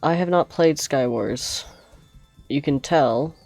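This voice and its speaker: A woman's voice: sits low, takes it slowly, darkish tone, dry recording, soft background music. A young woman streaming a game, chatting and telling rambling stories with frequent giggles. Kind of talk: casual gameplay storytelling.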